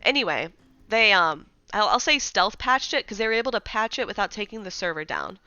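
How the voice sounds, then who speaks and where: A woman's voice: medium pitch, animated, a little fast, bright, forceful tone, smooth, dry recording, highs cut off. A woman streaming live, chatting casually about game updates and greeting viewers in chat.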